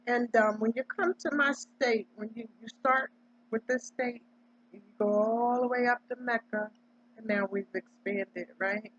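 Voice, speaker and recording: Woman, husky voice, emphatic preachy monologue, muffled lo-fi recording. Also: a little high, fairly even intonation, a little slow. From Delaware, United States. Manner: emphatic, preachy, tags lines with "right?". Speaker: vlogger. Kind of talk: casual monologue. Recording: dull lo-fi audio.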